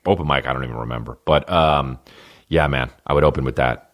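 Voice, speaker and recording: A man's voice: a bass voice, fairly quick. A man in his thirties from New Jersey, hosting a comedy podcast with a rambling, profane, laid-back monologue. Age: 30s.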